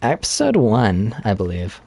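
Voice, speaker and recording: A man co-hosting a casual podcast, chatting while playing a game and retelling a plot with animated laughter. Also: on the low side, a little slow, creaky. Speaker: podcast co-host.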